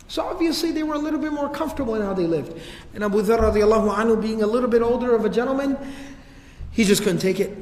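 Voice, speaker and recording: High-voiced man teaching in an echoey hall. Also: darkish tone. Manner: casual, storytelling, slangy asides. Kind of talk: casual religious history class.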